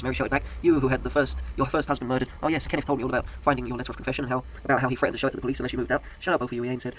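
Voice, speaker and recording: A man's voice: mid-range voice, slight background noise, low-quality recording. A man reading a mystery story aloud, correcting his own slips as he goes. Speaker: narrator.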